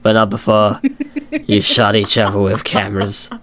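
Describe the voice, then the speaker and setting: A man doing a silly, deep-pitched cowboy duck impression with quacks, in a gaming video. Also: completely flat delivery, moderate pace, fairly bright tone, close to an everyday voice. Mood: goofy. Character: goofy male cowboy duck streamer.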